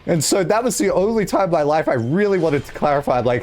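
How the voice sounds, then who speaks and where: A man's voice: a little high, expressive, fast, a little mellow. A young man, casually chatting on a stream and rambling through a story with swearing and laughs.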